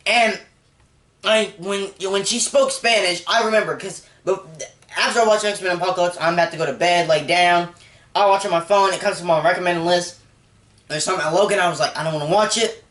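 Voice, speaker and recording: A man's voice: high voice, fairly even intonation, a little fast, a bit bright. A man casually retelling a film scene by scene, rambling with many fillers. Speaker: movie reviewer. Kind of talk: casual spoken movie recap. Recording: echoey room.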